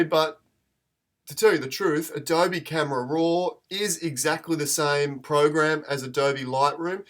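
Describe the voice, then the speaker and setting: A man's voice: fairly high pitch, fairly bright tone. A man, chatting in a rambling, self-deprecating way as he hosts a live photo-editing tutorial stream.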